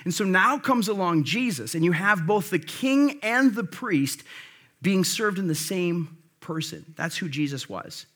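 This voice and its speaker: A man's voice: high voice, lively intonation, a little slow, a bit bright. A man preaching a conversational sermon, emphatic and full of rhetorical questions to the congregation. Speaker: pastor.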